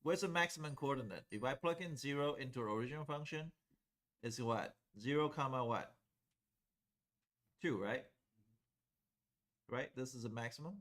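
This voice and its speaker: A man lecturing a calculus class in a relaxed, conversational way. He talks through each step at the board and keeps stopping to ask students whether it makes sense. His voice sits at an ordinary middle pitch. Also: normal speed, pauses often. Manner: conversational, checks in with students often. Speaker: calculus teacher.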